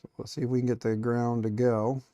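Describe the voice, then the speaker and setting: A man's voice: medium pitch, little pitch movement, a little fast, warm tone, slight background noise. A middle-aged man chatting casually on a live stream while tinkering, joking and muttering to himself as he works. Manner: joking, self-mocking, rambling. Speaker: streamer building a 3D printer.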